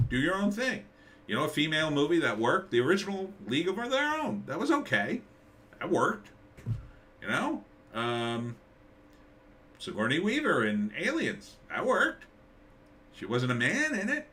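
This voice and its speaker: A man's voice: on the high side, sing-song, normal speed, bright, forceful tone. A middle-aged man hosting a live stream, rambling sarcastically and reading out chat comments. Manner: rambling, sarcastic, reads chat names aloud.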